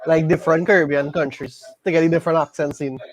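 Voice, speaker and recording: A man's voice: a little high, fairly even intonation, fast talker, a crowd in the background. A man co-hosting a live race watchalong, teasing the others with hints while refusing to spoil. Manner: teasing, hinting without spoiling. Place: bar and grill.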